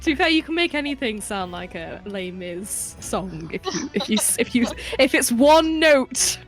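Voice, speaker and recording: A woman's voice: fairly high pitch, big pitch swings, normal speed, faint music behind. A woman co-reading game dialogue with friends, giggly and bantering. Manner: giggly, banters and riffs on lines. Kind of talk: casual game read-through with friends.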